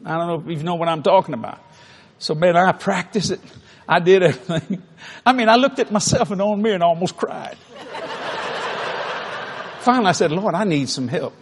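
A man's voice: high voice, brisk, pauses often, slight background noise. A man preaching a humorous sermon in a large auditorium, telling a folksy story and laughing through his words. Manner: animated, often laughing mid-sentence, folksy. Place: large auditorium before thousands.

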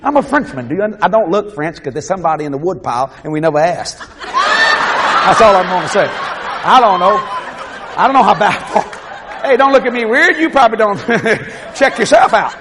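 A Cajun man preaching, telling a story animatedly, shouting out the voices he quotes and laughing often. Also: high voice, sing-song, normal speed, over a noisy crowd, very noisy. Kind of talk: sermon storytelling.

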